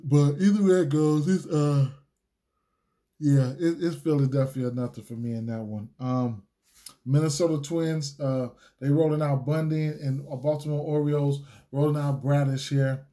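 A man's voice: fairly high pitch, steady tone, measured pace, dark tone. A man giving sports betting picks in a casual solo video, rambling with lots of fillers, restarts and slang. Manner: laid-back slangy talk. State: hiccups.

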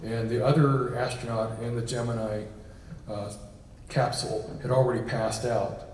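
This male guest speaker's medium-pitched, darkish voice barely moves in pitch as he talks at normal speed. His informal lecture to a reception hall audience is conversational and full of ums and uhs. Recorded from a distance in the echoey hall, with a little hiss or hum.

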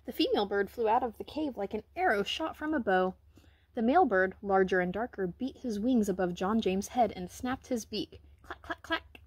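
Woman reading a picture book to children, husky tone and dry sound, gentle and expressive. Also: mid-range voice, no room sound. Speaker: reader. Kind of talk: children's book read-aloud.

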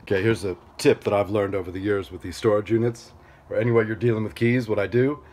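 A man vlogging outdoors at a storage facility, telling a story in a chatty, animated way and acting out other people's lines. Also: fairly low pitch, fast, a little hiss or hum. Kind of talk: casual storytelling vlog.

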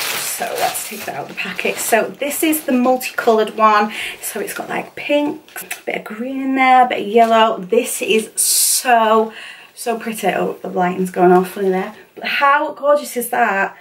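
A woman's voice: fairly high pitch, unhurried, a bit bright. A young woman chatting casually in a fashion haul, gushing and repeating herself with lots of fillers. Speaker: fashion vlogger. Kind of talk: casual try-on haul chat. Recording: voice somewhat far from the mic.

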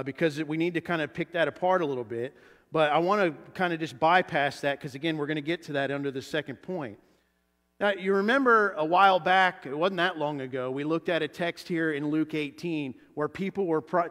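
A man preaching a sermon as pastor, animated and acting out the voices he quotes. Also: on the high side. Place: church sanctuary. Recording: church hall reverb.

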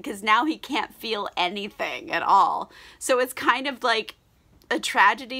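A woman's voice: medium pitch, bright, forceful tone. A tipsy woman recapping a book in a chatty, casual way, laughing often and swearing freely. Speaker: book reviewer.

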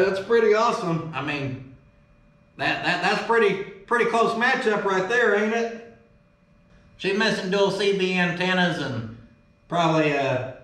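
Opening fan mail for his vlog, a man with a drawl chats casually in a folksy, excitable way, cussing without hesitation. His voice is on the high side for a man, and the roomy workshop around him gives the recording a noticeable echo.

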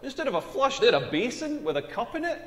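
A man's voice: very high-pitched, fast, heavily acted. A man with a Scottish accent playing a crude stand-up comedian performing his set in a game. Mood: brash. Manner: crude, brash deadpan punchlines. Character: brash crude male stand-up comic. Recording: echoey hall with long reverb.

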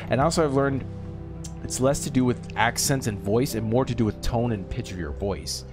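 A man's voice: mid-range voice, moderate pace. An American man commenting casually while streaming a game, rambling and chatty with plenty of fillers. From United States. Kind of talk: casual let's-play commentary. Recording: voice over loud game music.

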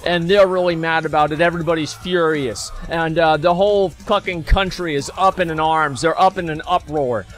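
A man's voice: a little high, steady tone, moderate pace, few pauses, a bit bright, soft background music. A man streaming, delivering a rambling, profane, sarcastic rant, stumbling into restarts as he goes. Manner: sarcastic, mocks people in put-on voices. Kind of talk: ranting commentary.

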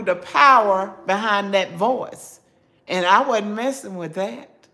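A woman, chatting with her viewers in a slow, folksy, preachy way. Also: medium pitch, pushed and bright. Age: 70s. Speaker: cooking channel host reading chat. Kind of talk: casual live chat.

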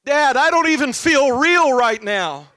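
A man's voice: very high-pitched, lively intonation, unhurried, sharp tone, dry recording, studio quality, voice pushed up, exaggerated voice. A man voicing a heartbroken ten-year-old girl who is weeping and pleading. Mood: tearful. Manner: tearful, pleading, breathless.

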